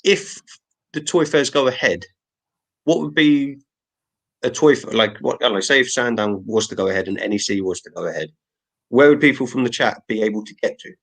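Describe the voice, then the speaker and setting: A man's voice: mid-range voice, brisk, fairly bright tone. A man co-hosting a live podcast, asking rambling, hesitant questions with lots of filler words. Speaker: podcast co-host. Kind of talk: casual chat on a live stream.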